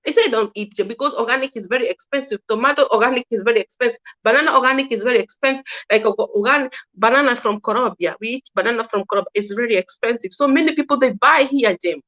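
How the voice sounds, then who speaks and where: A woman's voice: on the high side, very fast, hardly any pauses, fairly bright tone. A woman giving her earnest opinion in a casual monologue, often restarting and repeating herself. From Kenya. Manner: earnest, repetitive, restarting sentences. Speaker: commentator. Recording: dull lo-fi sound.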